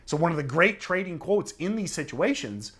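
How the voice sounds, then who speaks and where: Speaking straight to camera, a middle-aged man gives an informal trading lesson as a trainer, chatting along and often adding "okay?" for emphasis. His voice is on the high side, animated, fairly bright, and slightly rough, at a moderate pace.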